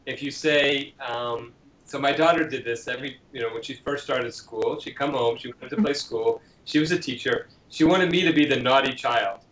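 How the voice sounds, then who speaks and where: A man answers interview questions about parenting and tells stories, slipping into playful acted voices for children and parents. His pitch is average. The sound is dull and lo-fi, in a roomy, echoey space. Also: moderate pace. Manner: animated storyteller who acts out children's lines. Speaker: parenting author and guest.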